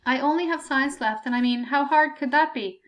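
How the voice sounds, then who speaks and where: A woman's voice: high voice, moderate pace, lightly acted. A woman doing a breezy, confident schoolgirl. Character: young female student, breezy and confident. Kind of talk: audiobook character voice.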